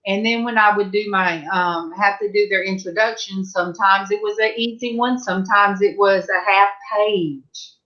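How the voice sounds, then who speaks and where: On a dull, lo-fi recording, a middle-aged Southern US woman hosts a casual panel chat and spins rambling stories with many fillers and restarts. Her mid-range voice is bright and forceful, fairly even in intonation, at normal speed with few pauses.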